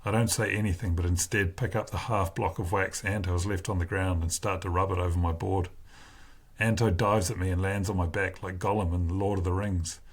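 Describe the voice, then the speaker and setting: A man with a husky voice reading a first-person novel aloud in a slow, deliberate way. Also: low voice, steady tone. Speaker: narrator.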